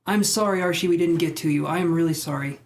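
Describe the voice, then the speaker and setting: A man's voice: fairly high pitch, quick pace. Chatty man rambling on a live stream. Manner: rambling, chatty, reacting to viewer comments. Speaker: tarot reader and live streamer. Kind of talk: casual live-stream chat with viewers.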